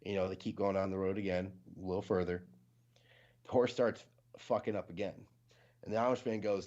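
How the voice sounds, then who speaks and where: A man's voice: deep voice, moderate pace, darkish tone. A man from Ohio casually chatting as a livestream host, rambling and full of fillers. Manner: rambling, heavy with fillers, tells jokes. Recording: dull lo-fi stream audio.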